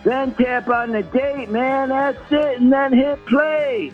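Man doing a stoner dude caller, high voice, slow drawl, man and dude tacked on everywhere, muffled phone line. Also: fairly even intonation, music in the background. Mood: laid-back.

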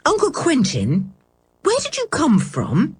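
A woman's voice: high-pitched, huge pitch swings, slow pace, no room sound, pitched above the performer's own voice, exaggerated voice. A woman reading a storybook, voicing an eager, curious schoolboy who keeps pressing with questions.

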